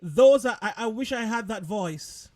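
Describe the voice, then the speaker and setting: Chatty male host of a live online show. Fairly high voice, loose and informal. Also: expressive, measured pace, a little mellow. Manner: chatty, loose, laughing, repeats words. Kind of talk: casual live-stream chat.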